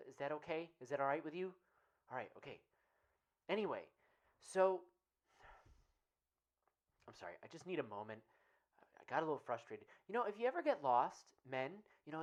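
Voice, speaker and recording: A woman playing an earnest, rambling male radio host and self-help guru in a comedic parody monologue, who keeps asking "right?". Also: low-pitched. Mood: defensive.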